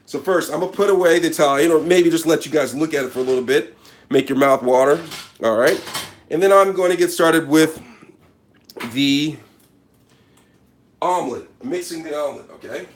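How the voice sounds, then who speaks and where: A man with a highish voice hosts a deadpan parody cooking show from his home kitchen, speaking at a normal pace with frequent pauses. He boasts, addresses viewers directly, and keeps repeating catchphrases, with slight background noise behind him. He's a comedic cooking vlogger.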